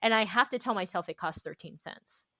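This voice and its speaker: Animated woman telling stories, dry sound. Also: medium pitch, fairly quick, no echo. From United States. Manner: animated storytelling, acts out her own inner voice, laughs often. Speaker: guest author. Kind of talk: candid conversational interview.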